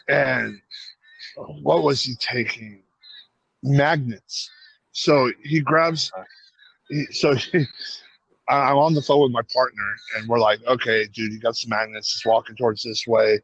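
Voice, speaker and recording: Gravelly-voiced man telling a rowdy story. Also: mid-range voice, no echo, poor audio. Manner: profane, animated retelling with acted-out quotes. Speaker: podcast co-host. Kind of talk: casual storytelling.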